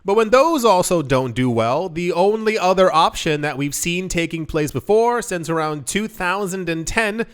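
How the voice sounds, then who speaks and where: Man, young adult, crypto news host, casual commentary, rambling, lots of "like", smooth clear voice. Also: sits high, a bit bright. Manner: rambling, full of "like" and self-corrections.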